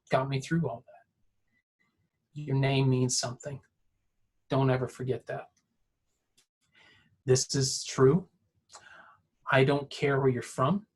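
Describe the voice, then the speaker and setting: A man from the Atlanta area in the US, with a medium-pitched voice, gives a heartfelt personal talk over a video call. He is emotional and repetitive, swinging between hushed and excited tones.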